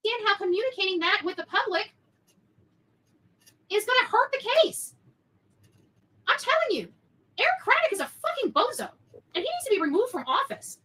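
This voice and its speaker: A woman's voice: extremely high pitch, very animated, fairly quick, long pauses, sharp tone, poor audio. A woman livestreamer delivering a heated, swearing rant of commentary. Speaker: livestream host.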